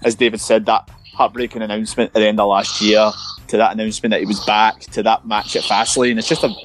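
A man hosting a podcast, steering the conversation and moving between topics in a relaxed, conversational way. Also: lowish voice, fast talker, poor audio. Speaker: podcast host. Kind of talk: casual wrestling chat.

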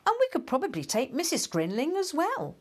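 A woman's voice: sits high, wildly swooping pitch, a little fast, voice pushed up. A woman doing a friendly balloon lady. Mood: kind. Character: kindly woman who gives balloon rides. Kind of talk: storybook reading.

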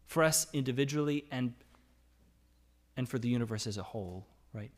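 A man delivers a sermon in an easy, conversational manner, his voice sitting at a middle pitch. He reads scripture aloud and turns to his listeners with frequent questions. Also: a little fast. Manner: conversational preaching with restarts and tag questions; reads scripture aloud, rising to emphatic cries. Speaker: pastor.

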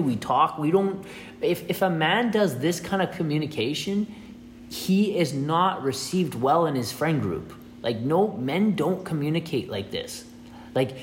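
A man in a loose, rambling monologue, speaking at an ordinary middle pitch. He often restarts and repeats words as he acts out little scenes, with faint noise behind him. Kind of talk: casual monologue on relationships.

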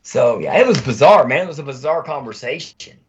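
Animated, profane male army veteran. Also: medium pitch, a little fast, highs cut off, background noise. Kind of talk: casual storytelling conversation.

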